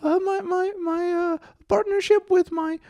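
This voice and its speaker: A man doing a squeaky strained falsetto guy. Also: steady tone, measured pace, warm tone. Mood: earnest. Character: man with a damaged, squeaky high voice.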